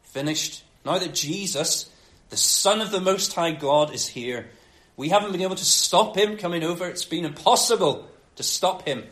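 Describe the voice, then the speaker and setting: A preacher voicing a horde of doomed demons in a roomy space, first gloomy and then begging in a high, strained voice. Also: male voice, normal speed, a bit bright. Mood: resigned. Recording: roomy echo.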